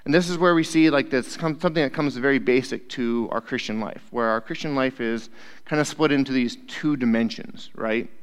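A man preaching as a youth pastor, his mid-pitched voice trailing long reverb through a large hall. He talks in a casual, conversational way and keeps checking in with his listeners. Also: brisk, smooth. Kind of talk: casual sermon.

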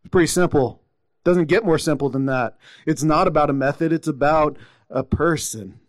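A man's voice: a little high, normal speed, dry recording. A man preaching a sermon, retelling scripture stories and acting out the quotes with rising intensity.

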